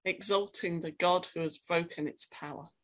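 Woman, sermon, reflective, questioning, somewhat low pitch, quiet readings. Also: steady tone, moderate pace. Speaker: preacher.

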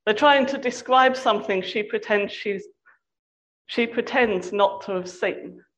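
A woman reading a novel aloud in a measured, expressive storytelling voice. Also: medium pitch, rough recording. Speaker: reader.

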